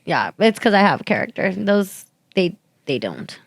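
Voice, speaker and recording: A woman's voice: on the low side, very animated, unhurried, gravelly, dry recording, clean studio sound. A young woman chatting on a podcast, playful and joking in short eager replies. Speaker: podcast co-host. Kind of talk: casual chat.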